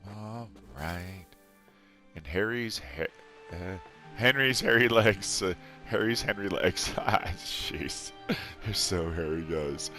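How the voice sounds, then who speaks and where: A man's voice: sits low, takes it slowly, over music. A middle-aged man casually commentating a video game, rambling, amused at himself and chatting to his viewers. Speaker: let's play host.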